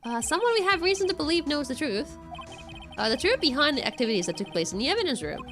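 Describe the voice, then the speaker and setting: Woman doing a keen young defense attorney, lively voice, faint music behind. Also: sits high, fast. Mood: earnest.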